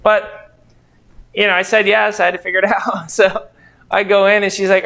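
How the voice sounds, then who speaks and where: A man's voice: high-pitched, level tone, fairly quick, vocal fry, bright, forceful tone, slight background noise. A middle-aged man, a real estate investor and trainer, telling rambling anecdotes full of quoted dialogue to a training group. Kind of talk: casual storytelling to a training group.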